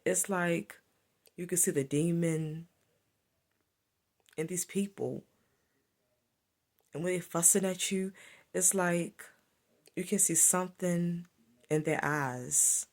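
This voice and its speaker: A woman's voice: on the low side, fairly even intonation, slow pace, long pauses. A woman giving a solo spiritual monologue to camera, repetitive and emphatic as she accuses. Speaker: spiritual vlogger.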